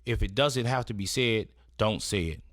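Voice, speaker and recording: At a moderate pace, a man with a low-leaning, fairly bright voice teaches etiquette in a relaxed instructional manner. Part of it sounds read, and he peppers it with "right?" check-ins. The sound is dry and of studio quality.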